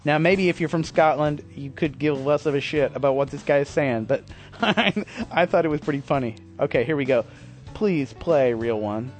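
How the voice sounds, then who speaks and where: A man's voice: a little high, normal speed, soft background music. Rambling self-mocking podcast host, man. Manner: rambling, self-deprecating, swears freely. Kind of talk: casual podcast monologue.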